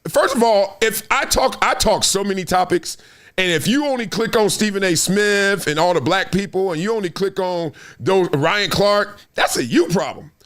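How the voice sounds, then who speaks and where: A man's voice: sits high, moderate pace, a bit bright. A middle-aged man, a former football player, hosting a solo sports commentary show in an emphatic, conversational way, often tossing in "right?".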